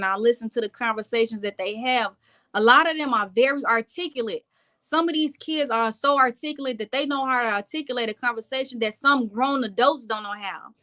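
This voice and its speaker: Bright-voiced woman chatting on a live stream. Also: fairly high pitch. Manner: chatty, reflective, talks to viewers directly. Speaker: vlogger. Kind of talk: casual live-stream chat.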